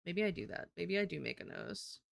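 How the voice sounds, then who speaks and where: A woman's voice: lowish voice, big pitch swings, brisk, vocal fry, no echo. A woman streamer chatting casually and thinking aloud while she draws. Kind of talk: casual live-stream chat while drawing.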